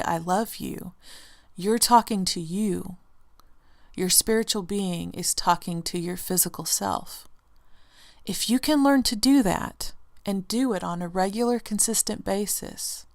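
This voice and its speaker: A woman hosting a self-help podcast, speaking in a gentle, earnest, encouraging way and softening for quiet affirmations. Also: fairly low pitch, gravelly. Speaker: podcast host. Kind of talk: motivational self-help monologue.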